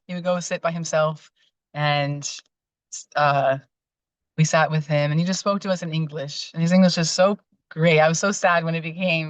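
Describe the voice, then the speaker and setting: A woman's voice: deep voice, clear, resonant tone, no room sound, dull audio. A woman telling personal devotional memories in a casual, heartfelt way, rambling with fillers and restarts. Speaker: guest sharing memories.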